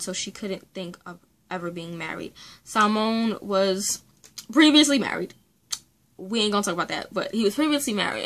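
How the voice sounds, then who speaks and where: A woman's voice: lowish voice, fairly bright tone, rough recording. Young female book reviewer, casual and heartfelt, talks with frequent ums and restarts. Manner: chatty, earnest, with many fillers.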